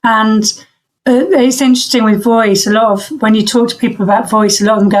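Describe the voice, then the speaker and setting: A middle-aged woman, a voice coach, talking thoughtfully in an interview, pausing to search for words and restarting her sentences. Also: on the high side, fairly even intonation, poor audio. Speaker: voice coach guest. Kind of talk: reflective interview talk.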